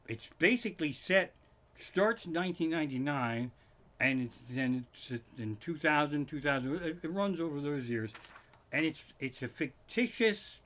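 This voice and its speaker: Bright-voiced man riffing on a live stream. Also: mid-range voice. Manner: rambling, swearing, restarts and asides. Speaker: stand-up comic streaming live. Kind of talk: casual profane comedy monologue. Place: living room. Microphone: live stream microphone.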